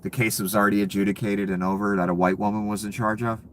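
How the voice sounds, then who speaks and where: A man's voice: fairly low pitch, level tone, quick pace, a bit bright, slight background noise. A man ranting about politics, heated and sarcastic, with frequent profanity. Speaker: political commentator. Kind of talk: angry political rant.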